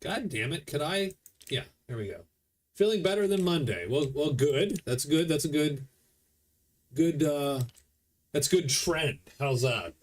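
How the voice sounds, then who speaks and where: A man's voice: a little high, expressive, a little slow, long pauses. Man chatting through a board game. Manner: chatty, explains rules as he plays. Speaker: board game player streaming a solo playthrough. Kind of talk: casual game commentary.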